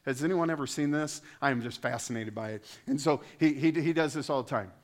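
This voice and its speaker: A man preaching a sermon to a congregation in a lively, conversational way, getting louder and higher when he quotes scripture and dropping into casual asides. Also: a little fast. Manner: animated, rises in pitch and volume when quoting scripture. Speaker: pastor.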